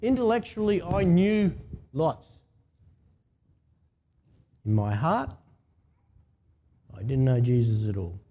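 A pastor with an Australian accent preaches slowly and expressively, pausing often, his warm voice on the high side. The sermon is casual and chatty, and he invites the congregation to respond.

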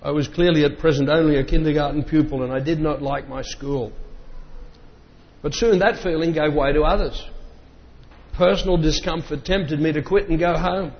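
A man reading an old memoir aloud in a measured voice, breaking off now and then for plain asides. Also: fairly high pitch, fairly even intonation. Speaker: reader. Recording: dull lo-fi sound with long reverb.

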